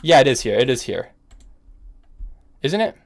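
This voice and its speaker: A young man talks through his chess games live, slangy and quick to call himself out. His voice sits at an ordinary pitch with a noticeable fry on it. Faint keyboard typing runs behind him. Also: very animated. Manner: self-critical, thinks aloud, slangy. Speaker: chess streamer. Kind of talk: live-streamed gameplay commentary.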